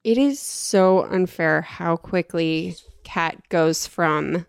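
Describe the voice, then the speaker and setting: A woman's voice: on the low side, slow, vocal fry, smooth, dry recording, clean studio sound. A woman co-hosting a casual chat, playful and emphatic, holding her ground in debate.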